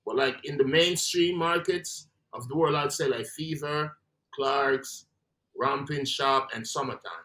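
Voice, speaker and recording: A man's voice: medium pitch, measured pace, fairly bright tone. A man with a Jamaican accent, a guest in a casual interview, talking in a laid-back way and trailing off between phrases.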